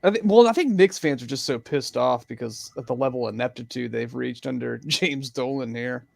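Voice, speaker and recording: A man's voice: medium pitch, fairly quick, gravelly, darkish tone, no room sound. A man co-hosting a casual sports chat, joking and swearing. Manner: laughs often, joking and profane. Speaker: podcast co-host.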